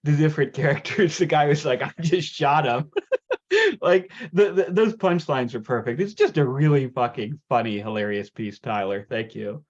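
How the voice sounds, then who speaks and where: A man's voice: medium pitch, lively intonation, normal speed, darkish tone, muffled recording. A man hosting a reading, praising pieces effusively with lots of swearing and fillers. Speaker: host. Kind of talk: casual chat.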